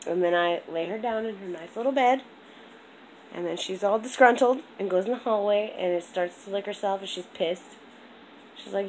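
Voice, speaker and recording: A young woman chatting on a home vlog, rambling and animated, with a congested throat. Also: medium pitch, moderate pace, a little hiss or hum, poor audio. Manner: rambling, animated storytelling with lots of "like". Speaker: vlogger. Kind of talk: casual vlog chat.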